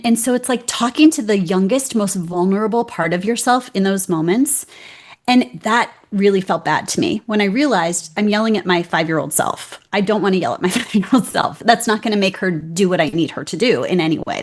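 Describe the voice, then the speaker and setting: Animated woman guest acting out inner voices. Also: medium pitch, a little fast. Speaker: guest, keynote speaker. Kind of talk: conversational interview.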